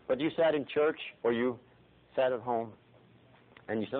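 A middle-aged man preaching a sermon dramatically, swinging from soft, hushed passages to pleading cries and repeating his phrases. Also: medium pitch, normal speed, pauses often. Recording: tinny phone-like lo-fi recording.

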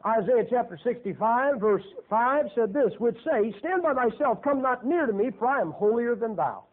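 A man's voice: extremely high pitch, animated, moderate pace. A man preaching a sermon in a folksy, joking and emphatic way. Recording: tinny phone-like lo-fi recording.

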